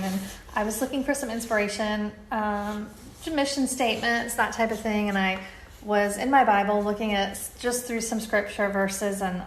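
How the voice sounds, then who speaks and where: A woman's voice: mid-range voice, a little hiss or hum. Earnest, enthusiastic woman, casual and chatty, recorded in a roomy space. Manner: earnest, chatty, with many fillers and restarts; faith-filled and enthusiastic. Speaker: apparel brand founder. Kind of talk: casual talk to camera.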